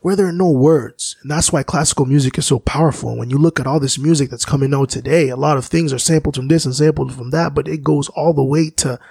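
Man, musician guest. Gravelly, husky voice, dry close sound, slow and reflective. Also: fairly high pitch, a little mellow, no echo. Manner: slow, searching, philosophical, often restarts. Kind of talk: reflective conversation.

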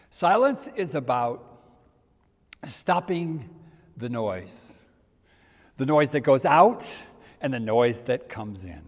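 An older man preaching a sermon in a conversational way, dropping to soft near-whispers for emphasis. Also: on the high side. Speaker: pastor. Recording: reverberant hall.

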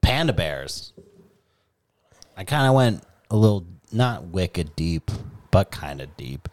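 A deep, low-pitched man with a New England accent holds forth on a casual podcast. He swears freely and slides into animated, joking rants, with his voice sitting well below most men's. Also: slow pace, long pauses. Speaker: podcast co-host.

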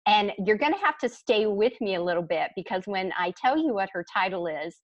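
A woman hosting an interview show and speaking in an effusive, excitable way. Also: medium pitch, brisk, no room sound, highs cut off. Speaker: podcast host. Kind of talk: casual interview chat.

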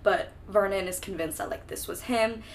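A woman's voice: medium pitch, normal speed, slight background noise. Breezy, sarcastic young woman podcaster. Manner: breezy, sarcastic, swears freely. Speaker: podcast co-host. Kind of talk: casual book-discussion chat.

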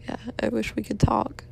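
A young woman in her twenties talks slowly into a voicemail, exhausted and yawning. Her fairly high voice is thick with gravelly fry, and she keeps apologizing for rambling. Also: a little mellow, a little hiss or hum. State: tired, yawning. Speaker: caller leaving a voicemail.

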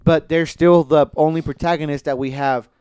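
A man's voice: fairly high pitch, steady tone, normal speed, a little mellow, smooth, dry recording. A man in casual podcast chat about TV shows, rambling with many fillers and restarts and swearing casually.

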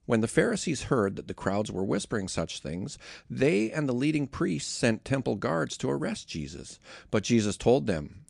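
A man narrating a scripture reading in a steady, measured way. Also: medium pitch, creaky, breathy edge, dry recording, clean studio sound. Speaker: scripture reader.

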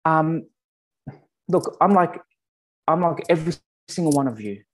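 A man with an Australian accent giving a conversational sermon, often pausing to check in with his listeners. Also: a little high, lively intonation. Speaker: pastor.

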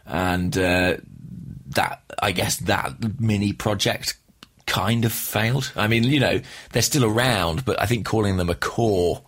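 Deep-voiced british guy on a footy podcast, thoughtful, dry understated jokes. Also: unhurried, fairly bright tone. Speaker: podcast co-host. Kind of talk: casual chat.

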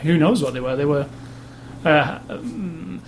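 A man with a somewhat high voice talks over a film in casual chat, rambling and often starting his sentences again. A faint background hiss runs under his voice. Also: measured pace, creaky. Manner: thoughtful, rambling, restarts sentences. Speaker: movie review podcast co-host.

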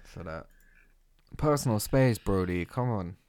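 A man's voice: lowish voice, lively intonation, unhurried, darkish tone, clear, resonant tone, no echo. A man in his twenties co-hosting a casual podcast, telling stories in heavy slang and swearing freely. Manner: slangy, swearing, ranting storyteller. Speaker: podcast co-host.

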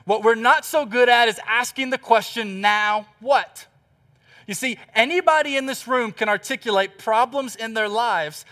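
A man preaching a sermon, telling a story with animated, emphatic repetition. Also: sits high. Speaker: pastor.

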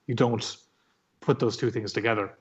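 A man's voice: mid-range voice, steady tone, moderate pace, breathy edge, highs cut off. An Irish man, a comic book artist, telling his story in a casual interview, rambling with lots of fillers and swearing. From Ireland.

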